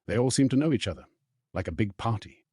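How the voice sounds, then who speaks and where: A man's voice: mid-range voice, expressive, fast, warm tone, breathy edge, no room sound, clean studio sound. A man voicing a wary, middle-aged campsite keeper with blunt, questioning speech in an audiobook reading.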